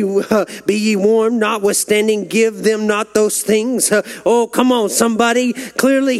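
A Texan man preaches a sermon, telling stories and working up to fervent peaks. When stirred, his pitch climbs higher.

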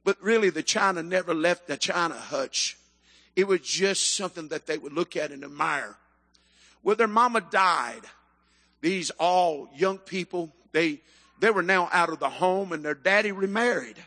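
Male preacher, high and bright, fervent, bursts into shouts; big echoing hall. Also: lively intonation, moderate pace. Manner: fervent, swings into shouted emphasis. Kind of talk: sermon. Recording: echoey hall.

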